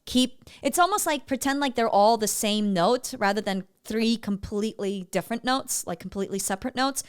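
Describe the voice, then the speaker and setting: A woman's voice: a little high, normal speed, smooth. A woman vocal coach giving feedback on singing clips in a chatty way, breaking off to sing short demo phrases.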